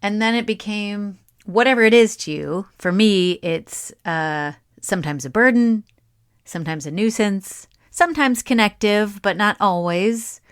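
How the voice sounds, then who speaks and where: A woman's voice: mid-range voice, animated, measured pace, smooth. A woman hosting a solo podcast, musing aloud in a chatty, reflective way with casual asides and small laughs. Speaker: podcast host.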